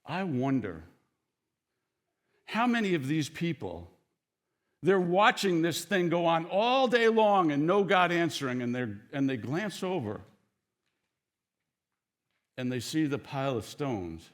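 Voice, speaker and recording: A pastor preaching a sermon in a conversational storytelling way, acting out the quoted lines and breaking off to talk straight to the congregation. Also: male voice, on the high side, big pitch swings, a little slow, pauses often.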